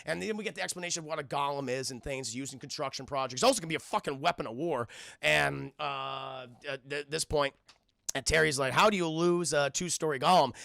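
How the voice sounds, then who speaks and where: A man streaming a casual recap of a cartoon episode, excitable, swearing often and restarting his sentences as he talks to his chat. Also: mid-range voice, fast talker, gravelly, no room sound, clean studio sound.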